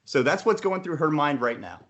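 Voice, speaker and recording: A man's voice: fairly high pitch, lively intonation, fairly quick, a bit bright, dull audio. A man playing a tabletop game, casually explaining his rolls and moves. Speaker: player.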